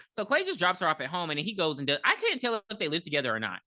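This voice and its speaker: A low-voiced woman with a bright, lively delivery, recapping a movie on a podcast. She swears freely and slips into the characters' voices as she tells it. The sound is dry and close. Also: rapid-fire, hardly any pauses, no room sound. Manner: animated, profane, acts out characters in quotes. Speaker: podcast co-host. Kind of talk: casual movie recap chat.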